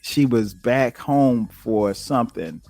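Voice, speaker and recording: Middle-aged south carolina guy telling podcast stories, casual, goes way high quoting himself, dry close mic. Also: slow pace, dry recording, soft background music. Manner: animated, jumps to a high voice when quoting himself. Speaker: podcast host. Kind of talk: casual storytelling monologue.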